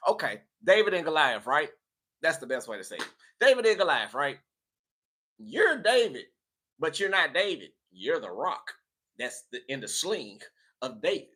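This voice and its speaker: A man giving a tarot reading with a fairly high voice. He preaches in a lively, slangy, motivational way, pushing and pulling his delivery for emphasis. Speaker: tarot reader. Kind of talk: casual spiritual tarot reading.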